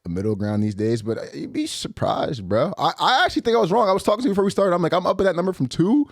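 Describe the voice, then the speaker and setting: A young man from the Philadelphia area chats on a sports podcast, his pitch swinging widely as he spins profane, laughing stories. The sound is dry and close, with no room around it. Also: big pitch swings, very fast, vocal fry, no echo. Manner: loose, profane storyteller, laughs often. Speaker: podcast co-host. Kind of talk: casual sports podcast chat.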